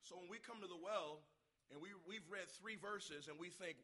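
A man preaching a revival sermon with passion, asking the congregation questions and breaking into loud shouts. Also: high voice, moderate pace.

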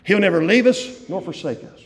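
Male pastor, slightly high voice, fervent sermon with loud and hushed swings, long church hall reverb. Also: animated, fairly quick. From West Virginia, USA. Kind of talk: evening sermon. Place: church sanctuary.

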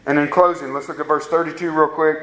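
A man's voice: a little high, steady tone, fast talker, fairly bright tone. A man preaching a sermon as a pastor, earnestly addressing his congregation with rhetorical questions. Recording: roomy echo.

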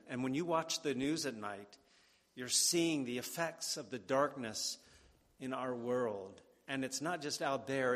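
A man preaching a sermon, deliberate and emphatic, repeating key words for weight. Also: medium pitch, fairly bright tone. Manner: slow and deliberate, with emphatic repetition. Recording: long hall reverb.

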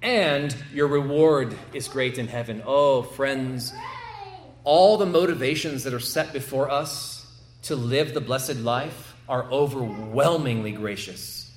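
A man's voice: mid-range voice, slow, reverberant. A male pastor delivering a sermon, emphatic and prone to repeating words as he builds a point.

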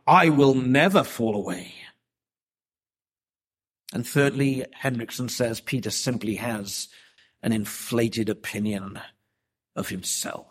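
Slow, deliberate male preacher. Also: mid-range voice. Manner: deliberate, emphatic preaching with rhetorical questions. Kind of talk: expository sermon.

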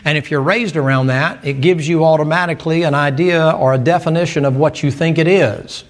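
A man's voice: fairly high pitch, steady tone, fairly quick. A male preacher delivers a sermon in a folksy, storytelling manner. He makes emphatic asides to his listeners, and his voice sits a little above the middle for a man.

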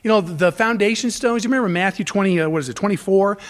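Earnest high-voiced male preacher. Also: fast. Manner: earnest, emphatic preacher with many restarts. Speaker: pastor. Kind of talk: expository sermon. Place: church stage.

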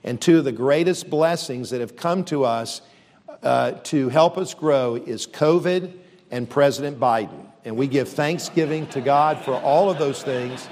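With long reverb around him, a university's leader speaks to a church audience earnestly and steadily, though with many fillers and restarts. His mid-range voice is a little mellow and his pace measured.

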